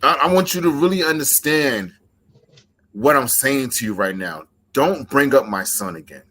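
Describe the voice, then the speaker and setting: A man delivers a wrestling promo in a forceful, bright voice. He speaks in a measured, emphatic way and squares up to his opponent. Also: medium pitch, lively intonation.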